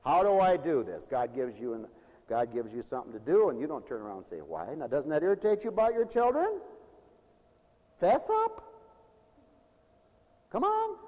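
A man preaching a lively sermon, playful and animated, laughing often and acting out whiny voices. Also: mid-range voice, quick pace. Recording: hall with long reverb.

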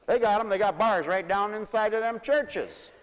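A man preaching a fiery, folksy sermon. He swoops between loud declarations and mocking asides. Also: sits high, moderate pace, slight background noise. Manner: folksy, shouting and swooping, mocks voices. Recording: long hall reverb.

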